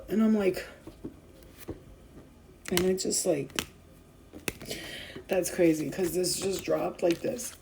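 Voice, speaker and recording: A woman's voice: lowish voice, fairly even intonation, measured pace, pauses often, warm tone, low-quality recording. A young woman talking to her viewers in a rambling, heartfelt way, full of fillers and restarts, and tearful at times. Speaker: spiritual vlogger. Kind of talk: emotional casual talk to viewers.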